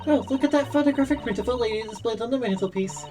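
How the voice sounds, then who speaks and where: A woman voicing a polite, proper young woman assistant who talks in a bright, gently scolding way. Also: on the high side, quick pace, over music, voice pushed up, close to an everyday voice. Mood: chipper.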